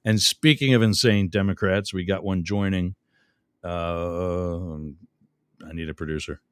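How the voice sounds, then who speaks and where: Low-voiced chatty male radio host. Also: steady tone, slow pace, clear, resonant tone, no room sound. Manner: rambling, chatty, self-interrupting with fillers. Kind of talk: casual radio talk show hosting.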